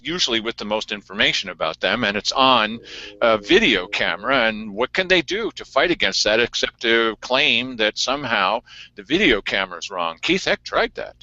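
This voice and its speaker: A man hosting a casual local news chat show, talking in an animated, sarcastic way. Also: mid-range voice, normal speed, no room sound. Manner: animated and sarcastic, mocking in quoted voices. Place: small editing studio. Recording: dry, dull lo-fi studio sound.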